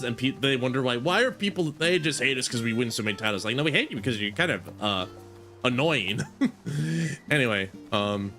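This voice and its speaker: A man's voice: mid-range voice, bright, forceful tone. A man chatting casually to his viewers while streaming a game, rambling and correcting himself as he goes. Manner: rambling, self-correcting, talks to chat. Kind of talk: casual gaming stream chat.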